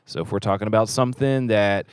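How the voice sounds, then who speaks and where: A man's voice: lowish voice, steady tone, fast, clean tone, dry recording, clean studio sound. Joking man co-hosting a podcast. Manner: joking, playful, rambling. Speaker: podcast co-host. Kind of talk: casual podcast chat. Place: small studio room in a theater.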